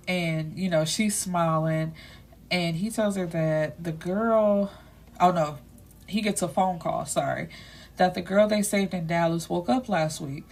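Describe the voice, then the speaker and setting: A woman with a slightly low voice recaps a novel's plot like she's spilling gossip to a friend. She talks casually and leans on "you know" and "like." She drops blunt, salty asides along the way. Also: unhurried, a little mellow, a little hiss or hum. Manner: chatty, leaning on "you know" and "like". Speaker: book reviewer.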